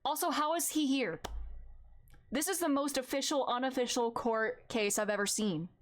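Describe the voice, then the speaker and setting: A woman's voice: high-pitched, normal speed. A woman streamer giving casual, rambling gameplay commentary in an amused, chatty way. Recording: loud game music behind.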